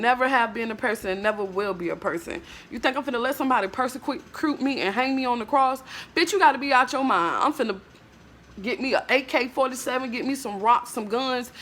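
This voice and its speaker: A woman's voice: on the high side, a bit bright. Woman ranting bluntly to camera. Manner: ranting, emphatic, blunt and profane; frequent filler "like, bruh". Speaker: vlogger. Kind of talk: emotional monologue to camera.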